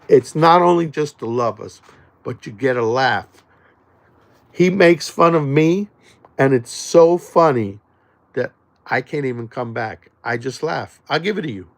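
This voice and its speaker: A man hosting a podcast, talking loud and jokey, swinging between near-shouts and low mutters as he promotes the show. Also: vocal fry. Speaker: podcast host. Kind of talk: hyped podcast promo monologue.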